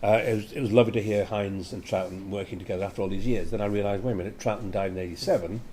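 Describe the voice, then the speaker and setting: Older male actor, low voice, storytelling interviewee, faint hum behind. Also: steady tone, rapid-fire, dark tone. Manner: chatty storyteller, laughs often. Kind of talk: anecdotal interview.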